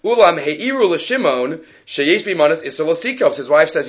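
A man teaching a Talmud lesson, lively and animated, acting out quoted people and weaving Hebrew quotations into his English. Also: on the high side, normal speed, lo-fi sound. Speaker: Torah teacher giving a daf yomi class.

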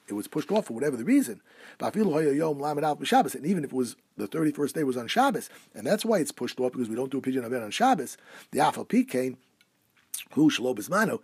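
A man teaching a halacha lesson, reading Hebrew texts quickly and explaining them in English. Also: medium pitch, slightly rough, no echo. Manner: quick, lively delivery, switching between Hebrew terms and English explanation. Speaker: Torah teacher.

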